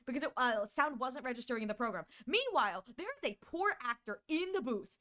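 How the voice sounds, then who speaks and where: A woman streaming into a condenser mic, telling a story in a casual, animated and exasperated way, swinging between quick bursts and drawn-out words. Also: high-pitched. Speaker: streamer and voice actor.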